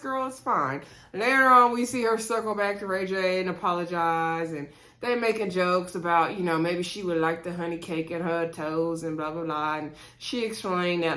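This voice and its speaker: A woman's voice: fairly low pitch, fairly bright tone. A woman in her thirties casually recapping a reality show, gossipy, with laughing asides and lots of fillers. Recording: echoey room.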